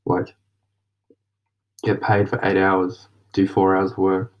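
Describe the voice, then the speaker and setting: Young Aussie guy, very low and flat, journaling aloud, rambly and slangy. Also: slow pace. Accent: Australian. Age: young adult. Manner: rambling, slangy, drifts into whispers. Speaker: vlogger journaling. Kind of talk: casual late-night monologue. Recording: dull lo-fi mic.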